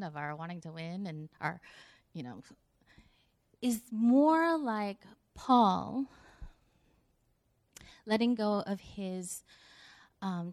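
A woman's voice: mid-range voice, darkish tone. A middle-aged woman giving a conversational sermon, telling a story with acted-out dialogue and laughter. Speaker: speaker.

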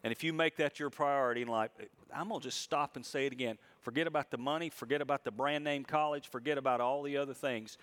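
A middle-aged man preaching a sermon, swinging between quiet reflection and loud, high emphasis and slowing down on key lines. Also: steady tone. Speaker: pastor.

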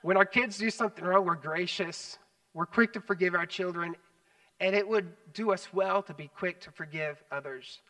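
A man preaching a sermon as pastor, animated, swinging between loud emphasis and hushed asides. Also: high-pitched, moderate pace, distant mic, rough recording. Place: church sanctuary.

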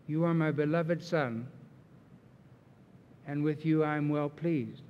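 A man delivers a sermon in an earnest, emphatic way, his voice sitting a little high. He takes his time, leaning on key words. The sound rings with the long reverb of a large hall. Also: slow, highs cut off, a little hiss or hum. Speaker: pastor.

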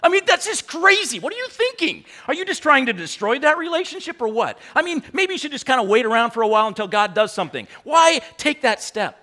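Man preaching, lively, mocking questions, high bright voice. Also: fast, hardly any pauses. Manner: animated, mocking rhetorical questions, laughs often. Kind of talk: sermon.

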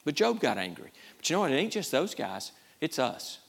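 A man preaching a sermon, repeating himself and swinging between loud bursts and quiet asides. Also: a little high, sing-song, a little fast, gravelly, breathy edge.

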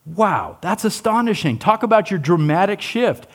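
Lively preaching man, voice rising and falling. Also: moderate pace. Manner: animated, asks the listeners questions, acts out quotes; drops low and soft on key lines. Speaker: pastor. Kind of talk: sermon.

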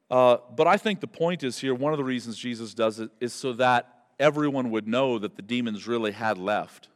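Male pastor, mid-pitched, animated sermon storyteller with a long hall echo. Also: moderate pace. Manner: animated storyteller, builds to loud emphatic peaks. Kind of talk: expository sermon.

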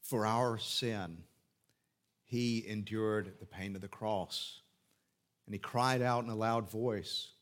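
A man's voice: fairly low pitch, steady tone, slow. A man preaching an expository sermon, explaining scripture phrase by phrase, asking rhetorical questions and repeating key phrases. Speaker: pastor.

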